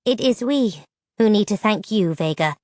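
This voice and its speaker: A woman's voice: medium pitch, animated, a little mellow, no room sound, clean studio sound, lightly acted. Woman voicing a grave, weary creature elder. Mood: grateful. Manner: formal, solemn, measured speech. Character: grave grass-covered male creature, weary leader.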